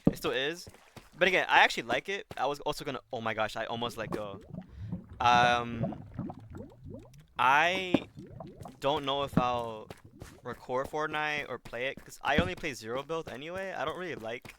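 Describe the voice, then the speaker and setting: Young man, casual gaming stream chat, rambling and self-correcting, loud hiss and mouse clicks behind. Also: mid-range voice, normal speed. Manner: rambling, self-correcting, talks while playing. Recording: loud background noise with clicks.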